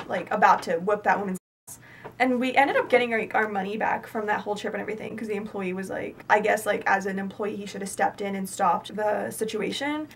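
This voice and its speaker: Teen girl vlogger, slightly high, emphatic storytelling, lots of fillers. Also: a little hiss or hum. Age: teenager. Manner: chatty, heavy filler, emphatic. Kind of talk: casual storytime.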